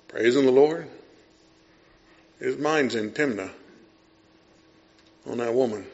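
A middle-aged male pastor preaching a sermon, acting out scenes and voices, dropping to a hush and then rising loud. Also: mid-range voice, muffled recording.

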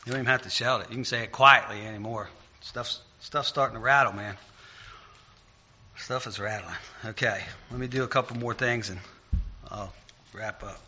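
A man preaches an informal, conversational sermon, growing loud and emphatic as he retells stories. His voice is medium-pitched and steady at a normal speed, captured on a muffled recording.

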